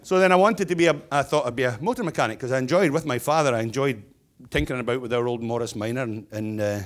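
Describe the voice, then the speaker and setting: A man's voice: mid-range voice, quick pace. Scottish man, 60s, keynote speaker; blunt, jokey, conversational delivery. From Scotland. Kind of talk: humorous keynote speech.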